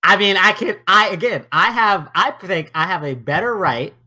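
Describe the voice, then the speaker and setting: A young man co-hosting a casual podcast, talking in an animated, profane way and acting out quotes. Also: high voice, normal speed. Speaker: podcast co-host. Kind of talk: casual chat.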